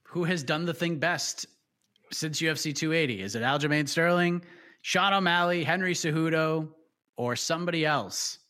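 A man's voice: on the high side, moderate pace, bright, forceful tone. A man hosting a panel show, putting questions to guests in a playful quizmaster way. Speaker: host. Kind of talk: game-style panel hosting.

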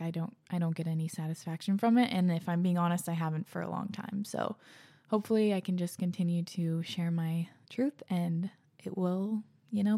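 A young woman hosting a podcast, out of breath, chatting in a bubbly, slangy way that often drops into soft near-whispers, and reading out listener letters. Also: on the low side. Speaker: podcast host.

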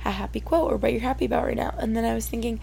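A young adult woman talks through her solo podcast in a loose, emotional ramble, with "like" in nearly every phrase. Her voice sits a little high and carries a steady vocal fry. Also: very fast, a little hiss or hum. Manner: chatty, emotional, fillers of "like". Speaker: podcast host. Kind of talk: casual solo podcast chat.

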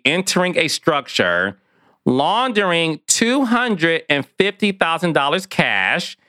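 A man's voice: fairly high pitch, bright, forceful tone, smooth, no room sound, studio quality. A man hosting a gossip podcast, sassy and chatty, calling listeners "child" and "honey". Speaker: podcast host.

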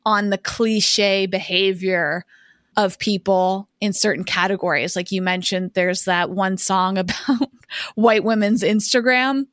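A woman co-hosting a podcast, talking in a measured, thoughtful way in casual conversation. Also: medium pitch, steady tone, a bit bright, no room sound, studio quality. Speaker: podcast co-host.

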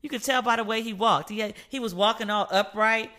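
A woman's voice: fairly high pitch, fairly quick. A woman hosting a casual chat show, sassy and playful, telling stories and acting out the people she quotes. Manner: animated storyteller who acts out quoted people. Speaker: podcast host. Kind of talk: casual chat, gossip commentary.

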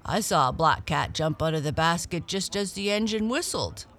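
A woman's voice: lowish voice, lively intonation, normal speed, fairly bright tone. A woman voicing a helpful man at a railway station, speaking plainly.

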